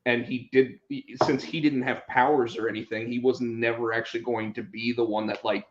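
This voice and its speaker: A podcast host in casual movie chat, animated, with many restarts. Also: male voice, medium pitch, normal speed. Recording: roomy, dull lo-fi sound.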